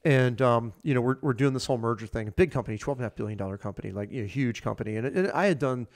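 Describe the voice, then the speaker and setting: A man's voice: medium pitch, rapid-fire. A man in his fifties, a podcast guest, telling his career story in a rambling, casual way with many fillers and restarts.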